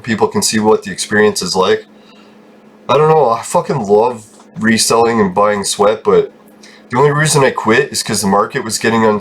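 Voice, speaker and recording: A man's voice: lowish voice, a bit bright, a little hiss or hum. Foul-mouthed man ranting casually. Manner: heavy swearing, ranting, quick laughs. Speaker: gaming channel host. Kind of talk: casual rambling commentary while gaming.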